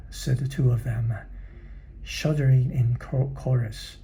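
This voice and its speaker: A man reading a children's book aloud, pausing to explain and translate it, in a husky, careful manner. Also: medium pitch, fairly even intonation, warm tone. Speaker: reader.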